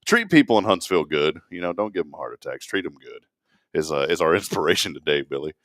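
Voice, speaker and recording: A middle-aged man co-hosting a morning show, telling stories in a lively way and laughing often. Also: low voice, fast talker, dry recording, studio quality. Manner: animated storyteller, laughs often. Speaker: radio show co-host. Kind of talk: casual chat.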